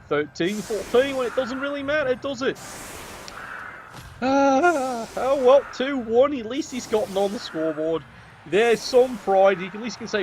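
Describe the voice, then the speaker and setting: A man's voice: high voice, animated, normal speed, noisy background. A man giving wry, sarcastic play-by-play commentary on a video game match.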